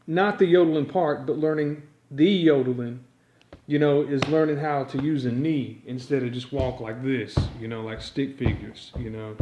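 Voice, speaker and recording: A man's voice: medium pitch, reverberant, muffled recording, background noise. A man teaching yodeling in a rambling, improvised monologue, filling his talk with constant fillers. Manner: rambling, packed with "you know" fillers.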